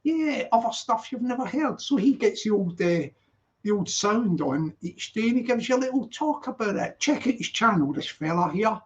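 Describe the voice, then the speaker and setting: A man's voice: sits high, lively intonation, normal speed. A man in his sixties with a Glaswegian accent touched by London, hosting a livestream and chatting casually, rambling with many yeahs. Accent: Glaswegian with London influence. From Glasgow, Scotland. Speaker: livestream host. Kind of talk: casual livestream chat greeting viewers. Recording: dull lo-fi stream audio.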